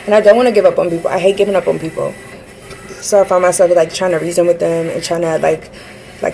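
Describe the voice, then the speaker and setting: A woman's voice: fairly low pitch, steady tone, fairly quick, vocal fry, warm tone, low-quality recording. A woman vlogging a rambling personal rant, earnest and frustrated, with many fillers and restarts.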